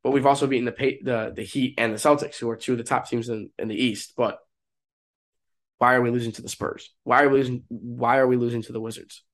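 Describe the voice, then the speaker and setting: A man's voice: medium pitch, steady tone, fast. Young male sports podcast host, sick and stuffed up, casual and rambling with hyped bursts, mid-range voice. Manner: casual, restarts often, rises to hype. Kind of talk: solo sports podcast talk.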